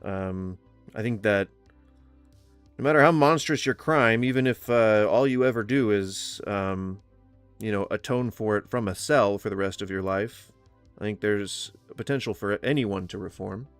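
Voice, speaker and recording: A man from Florida hosting a casual livestream, rambling with fillers and restarts, blunt and quick to swear. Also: lowish voice, clean tone, dry recording. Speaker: livestream host. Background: faint music.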